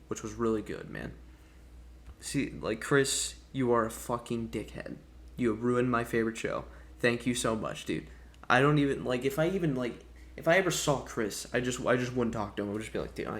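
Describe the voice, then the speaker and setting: A man rants to his viewers in an offhand, rambling way, with his voice pitched right in the middle for a man. He swears freely and scatters "dude" and "man" through his gripes. He sounds loose and unscripted, stumbling and restarting as he vents. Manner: rambling, profane, frustrated, peppers talk with "dude" and "man". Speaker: gaming YouTuber. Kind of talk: casual ranting review to camera.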